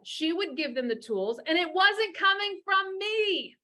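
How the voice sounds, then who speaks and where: A woman's voice: very high-pitched, lively intonation, measured pace, few pauses, sharp tone. A middle-aged woman giving blunt, profane advice on divorce and parenting, talking fiercely and emphatically. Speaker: divorce coach.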